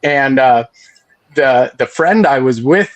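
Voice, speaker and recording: Man, band singer, casual interview chat, halting, filler-heavy. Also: mid-range voice, expressive. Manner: halting, many fillers and restarts, laughs often.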